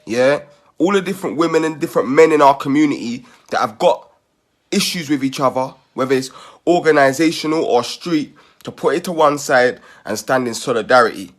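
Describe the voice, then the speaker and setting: A man's voice: mid-range voice, a bit bright. A man making a rallying community appeal, persuasive and ending his points with "yeah?".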